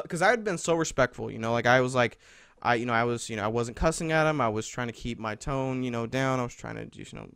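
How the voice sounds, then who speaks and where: A man's voice: medium pitch, fast, vocal fry, fairly bright tone, clear, resonant tone, no echo. A young man hosting a podcast, telling a long story in a rambling, profane way with many fillers, getting heated as he goes. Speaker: podcast host. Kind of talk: casual storytelling chat.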